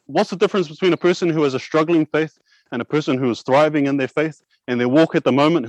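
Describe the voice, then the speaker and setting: A young man preaches earnestly, his voice sitting a touch high for a man. He fires off rhetorical questions and slows right down to stress his key lines. The sound is close and dry, with no room around it. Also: dry recording, rough recording. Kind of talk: sermon with props.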